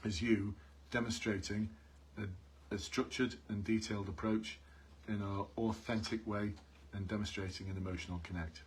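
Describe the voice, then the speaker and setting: A man's voice: on the low side, husky. A man coaching police job applicants on a live stream, earnest and repetitive, calling out to his viewers. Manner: earnest, repeats key points, calls out to viewers.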